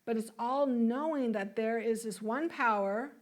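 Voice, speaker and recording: This is a sermon from a church sanctuary, delivered by a woman minister whose voice runs a touch high and whose pace is slightly slow. Her style is friendly and conversational, built around repeated questions to the congregation, with the odd shared laugh.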